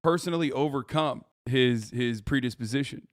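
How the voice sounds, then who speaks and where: A man's voice: mid-range voice, normal speed, dry recording, clean studio sound. A man commenting loosely on a clip during a live stream, swearing often and laughing between thoughts. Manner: loose, profane and laughing, with frequent fillers.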